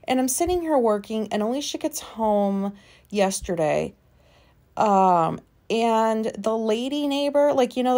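A woman's voice: mid-range voice, a little mellow. Woman in her thirties, solo podcast host, rambling, casual, swears freely, plenty of ums and likes, recorded at home. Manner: casual, frank, swears freely, lots of fillers. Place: home, sitting in a recliner.

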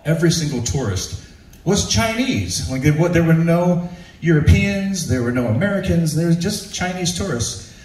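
A man's voice: lowish voice, slight background noise. A man telling comic stories to a live audience, laughing often and acting out the voices of people in his stories. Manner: animated, laughs often, acts out quotes. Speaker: comedic storyteller presenting his own show. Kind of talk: stand-up storytelling to a live audience. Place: ship's show venue. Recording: roomy hall, distant mic, faint ambience.

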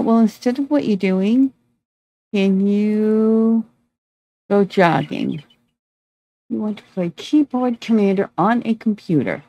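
Slow-talking woman narrating her gameplay. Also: mid-range voice, warm tone, no room sound, low-quality recording. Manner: talks to her game characters like a fussing mom. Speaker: gameplay video creator. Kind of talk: casual gameplay commentary.

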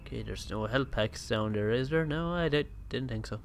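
A man joking his way through a video game, muttering quietly, then breaking into excited outbursts. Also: medium pitch, normal speed, creaky, a little hiss or hum. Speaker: gameplay commentator. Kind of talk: let's play commentary.

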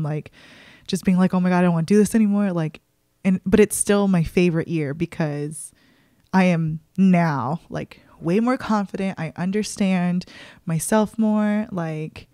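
A woman's voice: lowish voice, a little mellow, no room sound, studio quality. A young adult woman hosting her own podcast in casual solo chat, talking in an open, emotional way with many fillers. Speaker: podcast host.

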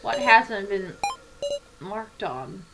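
A woman's voice: mid-range voice, expressive, very slow, vocal fry, over loud music. A woman commenting on her game playthrough in an exasperated, exclamatory way. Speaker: game player. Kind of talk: let's play commentary.

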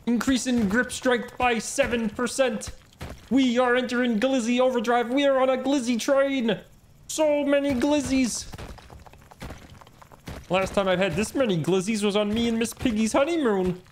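A man's voice: extremely high pitch, fairly even intonation, moderate pace, a little hiss or hum, voice pushed up. A man doing a goofy, gleeful impression of a male frog puppet, with a thin, nasal, warbly voice, over game music. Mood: hyped. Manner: gleeful, silly, playfully over the top.

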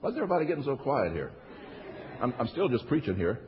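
A man's voice: medium pitch, sing-song, fast talker, a faint crowd, slight background noise. A male pastor preaching a sermon to his congregation, working the room with repeated phrases and call-and-response. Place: church sanctuary. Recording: echoey church hall, dull lo-fi sound.

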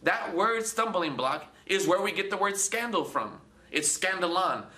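A man hosting a Christian video channel, preaching casually to the camera in an animated way, acting out quoted voices and often repeating words. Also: high-pitched, a little slow, roomy sound.

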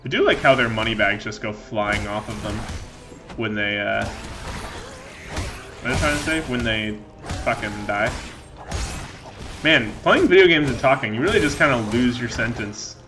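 A man's voice: medium pitch, wildly swooping pitch, measured pace, long pauses, music in the background. A man giving loose, joking let's play commentary while he plays, often losing his train of thought. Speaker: gaming channel host.

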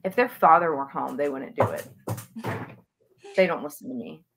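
A woman's voice: low voice, moderate pace, gravelly, fairly bright tone, slightly rough. A woman author chatting as an interview guest, talking with gushing enthusiasm about books she loves. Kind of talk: casual interview chat.

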